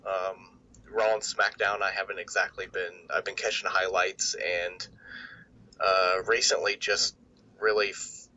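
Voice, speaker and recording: A man's voice: sits low, level tone, measured pace, pushed and bright, highs cut off. A man co-hosting a casual wrestling podcast, speaking hesitantly with lots of fillers. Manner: hesitant, filler-heavy, laughs often. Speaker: podcast co-host.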